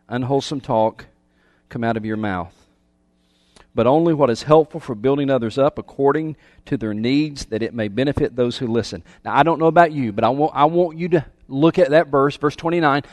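This male pastor, medium in pitch, delivers his sermon like a conversation, quizzing the congregation and repeating words as he goes. The recording is dry.

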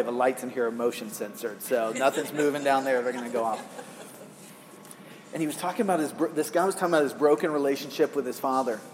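A man's voice: mid-range voice, a little mellow. Man, middle-aged, pastor, chatty storytelling sermon, rhetorical questions, stage mic, long hall reverb, faint background hum. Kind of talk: conversational sermon.

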